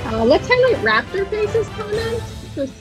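A woman's voice: very high-pitched, sing-song, unhurried, music in the background. A woman guest arguing emphatically in a casual comedy debate. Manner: emphatic and argumentative.

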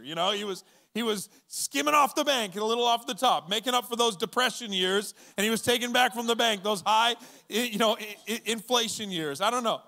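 A man delivers a sermon to his congregation with a loose, conversational energy, slipping into acted-out lines of dialogue. His voice sits fairly high for a man and moves between easy chatter and quieter, earnest stretches. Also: normal speed, gravelly. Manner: conversational and animated, acting out quoted voices. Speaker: pastor. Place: church auditorium with audience.

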